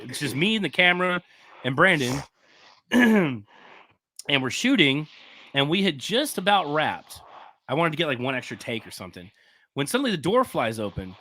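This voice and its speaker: Man, film producer, podcast guest; lively, bright voice that swings high and low, loose and profane in his storytelling. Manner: animated, profane anecdote-telling.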